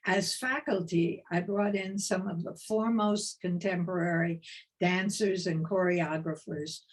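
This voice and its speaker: An older woman with a New York accent giving a lecture as a retired dance professor over a video call, in a slow, measured, deliberate way. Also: on the low side, steady tone. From East Coast of the United States.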